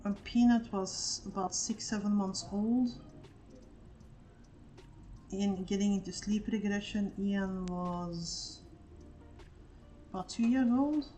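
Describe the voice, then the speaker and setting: A woman's voice: mid-range voice, takes it slowly, long pauses, soft background music. A woman co-hosting a live stream, telling stories in casual chat and swearing freely. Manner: animated storytelling, swears freely. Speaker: streamer co-host.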